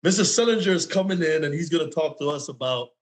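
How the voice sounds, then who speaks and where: A man's voice: a little high, lively intonation, fast talker. A man from Jamaica co-hosting an interview, playful and asking long, winding questions. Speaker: co-host. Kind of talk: casual interview talk.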